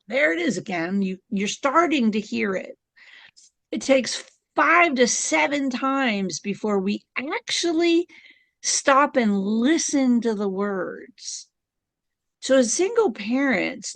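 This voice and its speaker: A middle-aged woman speaks as a podcast guest, telling her stories with animated energy and frequent laughter. Her voice has a gravelly edge and swings widely up and down in pitch. The sound is close and dry, with no room behind it. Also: no echo. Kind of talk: conversational storytelling.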